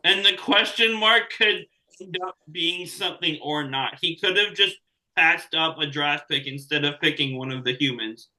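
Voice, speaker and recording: Male co-host, very bright sharp tone, dry humor. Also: fairly high pitch, normal speed, poor audio. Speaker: podcast co-host. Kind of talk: casual chat.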